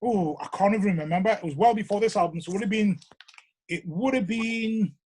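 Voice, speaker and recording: His high voice has a breathy edge and he talks a little fast: a middle-aged Newcastle man with a Geordie accent, a show regular, rambling through casual stories in an interview. He keeps animatedly tossing in "you know what I mean?".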